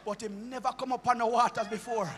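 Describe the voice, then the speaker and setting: A Jamaican bishop preaching a sermon in a church, his impassioned delivery rising into chanted shouts. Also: very high-pitched, steady tone, fast, big-room sound. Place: church sanctuary.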